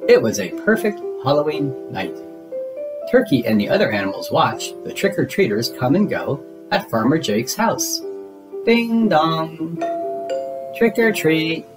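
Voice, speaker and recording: A man's voice: mid-range voice, very animated, moderate pace. A man reading a children's storybook aloud expressively, with playful sound effects. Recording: guitar music behind.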